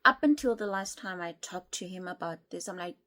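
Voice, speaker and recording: A woman telling an animated, exasperated storytime on her vlog. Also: on the low side, brisk. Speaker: vlogger.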